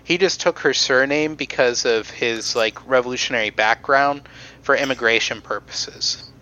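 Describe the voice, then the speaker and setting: Podcast co-host, man, halting explainer with a bright voice, dull lo-fi mic. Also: medium pitch. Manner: halting, many fillers and restarts. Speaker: podcast co-host presenting history. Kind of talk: casual history podcast chat.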